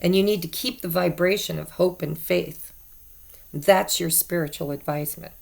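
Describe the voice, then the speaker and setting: A woman's voice: on the low side, normal speed, gravelly, darkish tone. A woman giving a casual tarot card reading to her viewers, chatty and repeating herself for emphasis. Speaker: tarot reader.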